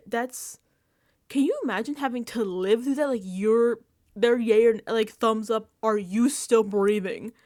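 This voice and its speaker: A young woman chatting casually on a reality-TV recap vlog, animated and laughing, acting out quotes and swearing freely. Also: fairly high pitch, no echo, studio quality. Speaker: recap vlogger. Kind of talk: casual reality-TV reaction chat.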